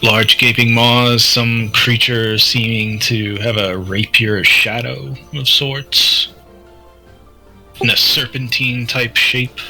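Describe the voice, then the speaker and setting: A man playing his adventurer character, explaining events in a measured, slightly formal way. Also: mid-range voice, fairly even intonation, bright, forceful tone, faint music behind, full character voice, poor audio.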